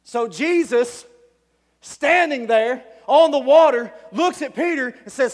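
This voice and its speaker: A man delivers an animated sermon, storytelling with sudden shouts and frequent chuckles. His voice sits very high for a man. The sound rings with the long reverb of a large hall. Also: slow. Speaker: preacher.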